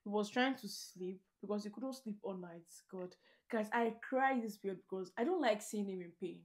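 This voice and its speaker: A woman's voice: medium pitch, moderate pace. A woman from Nigeria, talking in a casual, heartfelt way to her vlog audience. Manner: chatty, laughs often, heartfelt. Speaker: vlogger. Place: living in Greater Manchester, UK.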